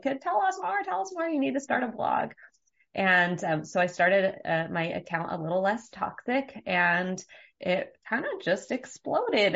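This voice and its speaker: A woman's voice: fairly low pitch, creaky, a bit bright, lo-fi sound. A woman guest on a podcast, talking casually and laughing easily. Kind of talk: casual interview chat.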